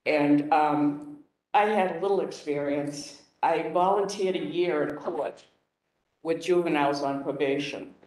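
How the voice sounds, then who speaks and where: A man speaking as a councilor at a hearing, emotional and halting, rambling with restarts. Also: on the high side, a little mellow. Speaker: city councilor. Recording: echoey room, off-mic.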